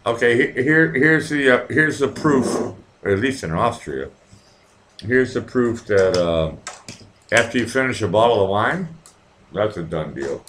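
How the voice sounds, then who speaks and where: A man's voice: mid-range voice, animated, unhurried, a bit bright, slight background noise. A middle-aged American man hosting a casual livestream, chatting with viewers in a profane, rambling way while drinking. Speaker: livestream host. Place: at home in Vienna.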